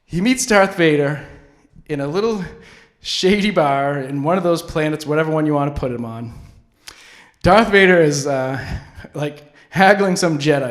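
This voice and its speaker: A man's voice: on the high side, moderate pace. A man hosting a public access comedy show, delivering a rambling, goofy monologue full of restarts. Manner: rambling, self-interrupting, goofy.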